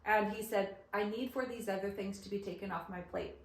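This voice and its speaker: A woman's voice: medium pitch, steady tone, a little fast. A woman co-hosting a casual talk, expressively retelling past conversations. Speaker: co-host. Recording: echoey room.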